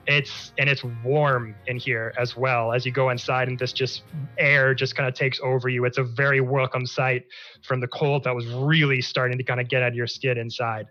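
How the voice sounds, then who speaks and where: A man's voice: mid-range voice, bright, forceful tone. A man narrating as game master of a tabletop game, describing scenes loosely with many fillers. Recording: dull lo-fi stream audio with faint music.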